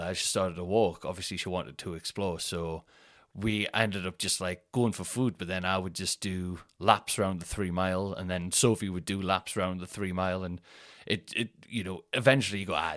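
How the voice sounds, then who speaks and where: A man's voice: on the low side, dry recording, studio quality. A man, a comedian chatting alone on his podcast in a rambling, self-mocking way with plenty of swearing. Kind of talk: casual solo podcast chat.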